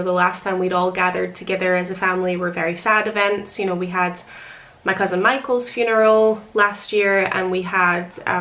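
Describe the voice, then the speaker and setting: A woman's voice: mid-range voice, a bit bright. A young woman telling a long, rambling personal story in a chatty, emotional way, often laughing. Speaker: author recounting her wedding.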